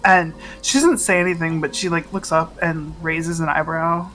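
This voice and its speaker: A woman playing a tabletop game, calmly describing what her character does. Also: sits low, normal speed, soft background music, rough recording. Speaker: player.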